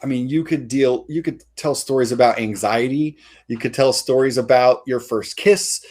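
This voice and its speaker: Guy in his 40s just chatting, lots of ums and restarts, middle pitch. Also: moderate pace, darkish tone. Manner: rambling, many fillers and restarts. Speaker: comic artist guest. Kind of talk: casual interview chat.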